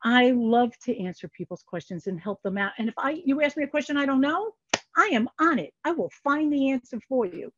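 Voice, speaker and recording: This older woman's voice is high-pitched and slightly rough, and she talks a little fast. As a guest economist on a casual podcast, she tells stories with animation, playing out quoted dialogue. The recording is dry but muffled, with a lo-fi quality.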